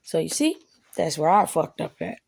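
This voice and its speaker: A woman with a gravelly, mellow voice speaks in an unhurried, candid monologue. She is reflective but blunt, cursing freely as she makes her points, and the recording sounds close and dry. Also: sits low, huge pitch swings, no room sound. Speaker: vlogger.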